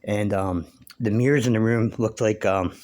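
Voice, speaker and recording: A man's voice: on the low side, normal speed, darkish tone. A man talking in a rambling, casual monologue, swearing freely and wandering between thoughts with lots of fillers. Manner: rambling, profane, meandering with many fillers. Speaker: vlogger.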